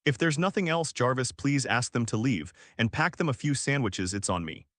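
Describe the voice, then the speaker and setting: A man's voice: mid-range voice, lively intonation, moderate pace, fairly bright tone, no echo, studio quality, natural voice. A man reading the lines of a cocky, sarcastic billionaire inventor, in a mocking tone.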